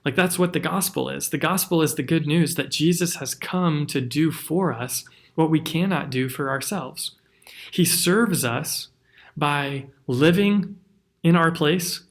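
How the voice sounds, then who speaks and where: A man, a pastor, giving an earnest, conversational devotional teaching with rhetorical questions. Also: a little high.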